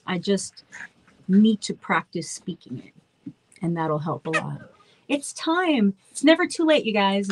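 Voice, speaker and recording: A woman's voice: medium pitch, poor audio. A woman in her thirties with a slightly childlike voice, chatting freely with fans at a virtual meet and greet, rambling and apologizing for talking so much. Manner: chatty, warm-hearted, rambling with self-interruptions. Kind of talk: casual chat with fans. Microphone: phone.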